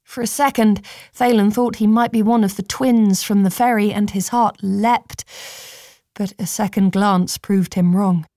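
A woman reads an audiobook, telling the story in a measured, steady way. Her voice sits in the mid-range, and the recording is studio quality with no echo.

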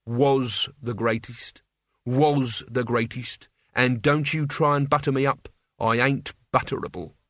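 A man voicing a grumpy, surly old male servant who talks in a slow, grudging growl. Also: mid-range voice, steady tone, pushed and bright, no echo, studio quality. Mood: grumbling.

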